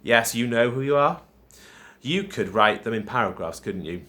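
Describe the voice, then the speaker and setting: A man's voice: mid-range voice, expressive, moderate pace, fairly bright tone. A man teaching a recorded lesson to primary pupils, explaining step by step and checking in with "okay?" after each point. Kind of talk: recorded home-learning lesson.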